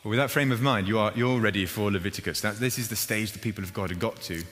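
A male pastor giving a conversational sermon, with lively emphasis and wry asides. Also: lowish voice, fast, a little hiss or hum. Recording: reverberant hall with faint ambience.

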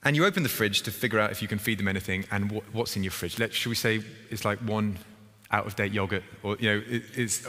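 A man vicar preaching a sermon in a church, chatty and storytelling, often breaking off and restarting his sentences. His voice sits on the low side but rings bright and forceful. A long hall reverb follows him. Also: fast. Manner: chatty, self-interrupting, acts out stories.

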